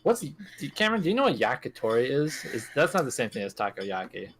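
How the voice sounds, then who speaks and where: Man, casual stream banter, animated pitch, faint music behind. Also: fairly quick, slight background noise. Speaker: co-host watching the game. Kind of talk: casual reactive chat.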